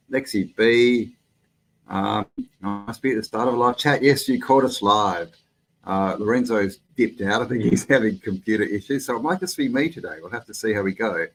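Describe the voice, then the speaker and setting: A man's voice: fairly low pitch, a bit bright, low-quality recording. A man with an Australian accent hosts a casual live stream, talking in a loose, rambling way and greeting viewers in the chat by name.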